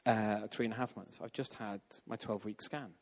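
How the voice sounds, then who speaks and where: A man telling a story in a sermon, lively and acting out the voices of the people in it. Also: lowish voice, fairly quick, background noise. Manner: animated, acts out quoted voices. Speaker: preacher. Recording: long hall reverb.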